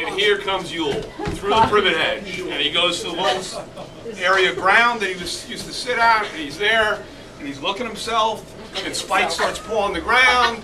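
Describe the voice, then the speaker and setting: A middle-aged man telling a comic anecdote at a reunion, laughing as he goes and breaking into loud outbursts. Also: high voice, background noise. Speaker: storyteller at a reunion. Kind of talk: animated anecdote told to a crowd. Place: crowded reunion gathering. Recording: distant camera audio in loud crowd.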